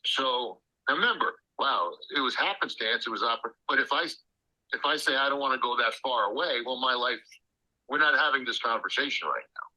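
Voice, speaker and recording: Guy spinning a story in an interview, acts out the quotes, sharp bright tone, kinda muffled audio. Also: mid-range voice, a little fast. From Illinois. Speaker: guest.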